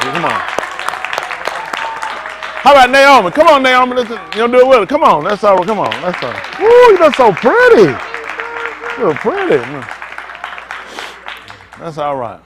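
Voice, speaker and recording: A man's voice: a little high, background noise. A man preaching as a pastor, coaxing and teasing volunteers from the congregation in a playful way.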